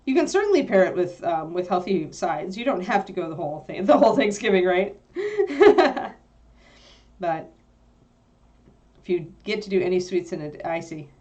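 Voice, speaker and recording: A woman with a somewhat low voice co-hosts a livestream in casual chat. She rambles through her thoughts with plenty of fillers and laughs easily as she answers viewers. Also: sing-song, moderate pace, pauses often, dark tone, muffled recording.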